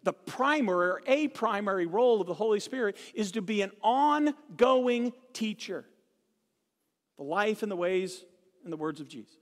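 Pastor, man, high voice, humorous storytelling sermon, live church hall sound. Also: moderate pace. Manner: storytelling with humor, animated swings. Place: church sanctuary.

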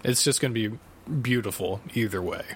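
A young adult man co-hosting a casual gaming podcast, agreeable and quick to chime in with yeahs and mm-hmms. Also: lowish voice, a little hiss or hum. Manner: agreeable, quick affirmations, easy laughs. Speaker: podcast co-host. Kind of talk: casual chat.

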